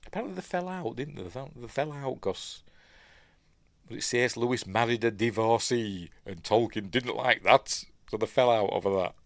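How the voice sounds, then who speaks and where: A man's voice: medium pitch, expressive, moderate pace, a bit bright, dry recording. A man with a Yorkshire accent giving a rambling, casual film breakdown, full of ums and asides to himself. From Yorkshire, England. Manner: rambling, many ums and self-questions. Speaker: film reviewer.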